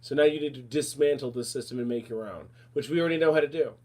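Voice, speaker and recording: A man hosting a casual talk show, animated and rambling, calling listeners darling and honey. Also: medium pitch, fast talker. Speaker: podcast host. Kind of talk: casual chat.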